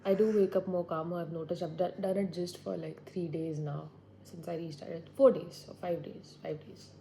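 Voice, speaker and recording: A woman's voice: on the low side, mellow, a little hiss or hum, low-quality recording. A woman in her twenties, talking to herself in a reflective, rambling way as she sits indoors by a window. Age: 20s. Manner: musing, rambling, talks to herself. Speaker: vlogger. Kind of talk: reflective solo monologue.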